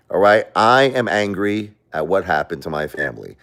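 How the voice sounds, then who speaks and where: Deep-voiced man ranting to a livestream. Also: animated, normal speed, a bit bright. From United States. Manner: blunt, confrontational, emotional. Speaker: livestream host. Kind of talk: livestream rant.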